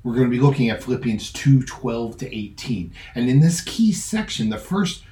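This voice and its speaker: Warm and sing-song, this mid-range male voice moves at a normal speed through a recording with a roomy echo. A pastor hosting his podcast, he starts with a personal anecdote and shifts into earnest teaching, repeating points for emphasis.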